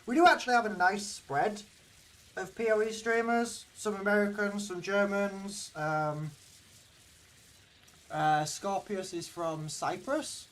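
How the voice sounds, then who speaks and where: A man's voice: sits high, fairly even intonation, takes it slowly, a bit bright, recorded from a distance. Chatty Yorkshire man streaming games. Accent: mild Yorkshire English. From Yorkshire, England. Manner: chatty and rambling, answers chat between plays. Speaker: game streamer. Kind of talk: casual live-stream chat.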